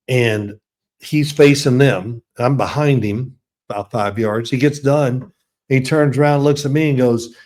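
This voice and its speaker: An older man, a guest on an interview show, telling animated stories and laughing as he goes. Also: medium pitch, a little slow. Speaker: guest, former quarterback. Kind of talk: storytelling in an interview.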